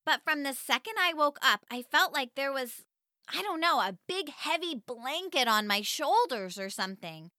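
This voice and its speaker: Bright, animated woman reading a children's story. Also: moderate pace, dry recording, clean studio sound. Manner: highly expressive, animated storytelling. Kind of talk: first-person children's story narration.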